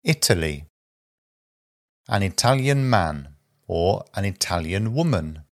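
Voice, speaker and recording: A man reading a vocabulary list aloud as a teacher, slow and deliberate, pausing after each short phrase. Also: low-pitched, animated.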